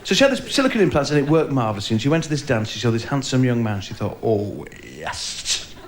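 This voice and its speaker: A man's voice: medium pitch, sing-song, racing. A man from England doing live stand-up with a northern English accent, bantering cheekily with the audience and acting out the voices of his characters. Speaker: stand-up comedian. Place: comedy club before a live audience. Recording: live recording with crowd and room noise.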